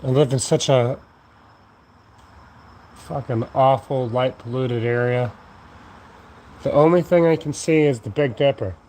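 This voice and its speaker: Sleepy man rambling slowly at night. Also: mid-range voice, warm tone, a little hiss or hum. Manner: slow, drowsy, profane, meandering. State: sleepy, yawning. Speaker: vlogger. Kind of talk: rambling late-night monologue. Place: outdoors at night. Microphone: phone camera.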